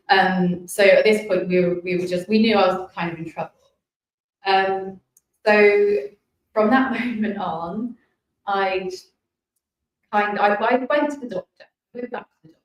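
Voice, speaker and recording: A British woman in her thirties telling her personal health story in an emotional, halting way, often apologizing as she talks. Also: mid-range voice, fairly even intonation, a little hiss or hum. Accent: British English. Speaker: guest sharing a healing story. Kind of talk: personal testimony. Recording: echoey distant room sound.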